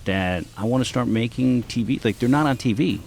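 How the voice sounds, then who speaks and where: A man's voice: mid-range voice, fairly quick, creaky, a little hiss or hum. A man telling stories as a comedian guest on a podcast, in a casual, profane style. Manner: profane, animated storyteller.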